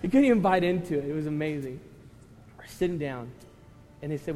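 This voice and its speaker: A man preaching a sermon as pastor, telling a story emotionally, swinging from loud to hushed and tearful at times. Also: fairly high pitch, lively intonation, brisk. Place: church sanctuary. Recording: church hall reverb with music.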